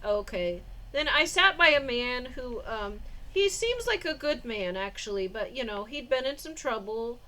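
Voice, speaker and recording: A woman's voice: fairly high pitch, very animated, unhurried, hardly any pauses, pushed and bright, a little hiss or hum. A woman vlogger telling a personal story in a rambling way, with restarts, fillers and short suspicious laughs.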